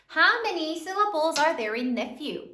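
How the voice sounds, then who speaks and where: A woman teacher giving a slow, sing-song spelling lesson to third graders. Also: high-pitched, sing-song, bright, forceful tone, echoey room.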